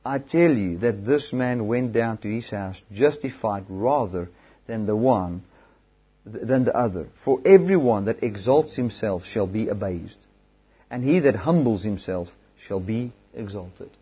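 A man preaching a sermon, moving between emphatic, raised exhortation and quieter scripture reading. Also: on the low side, lively intonation, measured pace, breathy edge. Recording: dull, lo-fi recording.

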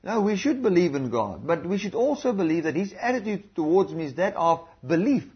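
A man's voice: high-pitched, big pitch swings, brisk, slightly rough, highs cut off. A man preaching a sermon in an earnest, repetitive way, calling out hallelujahs.

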